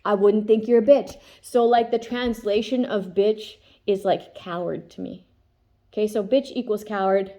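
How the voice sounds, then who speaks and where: A woman's voice: mid-range voice, mellow. A woman with a stuffed-up nose giving a casual tarot reading, chatty and full of fillers, often checking in with "okay?" and now and then reading passages aloud. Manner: chatty, filler-heavy, keeps asking "okay?", laughs often. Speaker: tarot reader. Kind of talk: casual spiritual chat with read-aloud passages.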